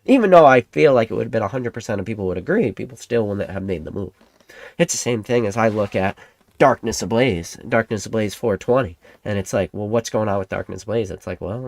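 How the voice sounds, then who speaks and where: A man hosting his own channel, talking in a rambling, animated way and acting out the imagined replies of his viewers. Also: medium pitch, no echo, clean studio sound. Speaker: Pokemon card collector and channel host. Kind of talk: casual monologue to camera.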